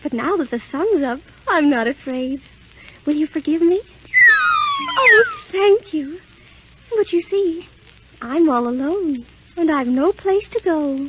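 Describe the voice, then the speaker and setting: Timid, kind young princess for a vintage radio play: very high, unhurried, sweet and pleading, dull old broadcast sound. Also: female voice, lively intonation, heavy background noise. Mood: gentle pleading. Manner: sweet, earnest, softly pleading. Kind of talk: 1930s radio drama acting.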